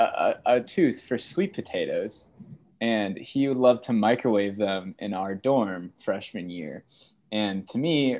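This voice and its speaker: A young man in his twenties, a student guest in a casual chat, telling stories with animated put-on voices for quotes. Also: fairly low pitch. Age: 20s.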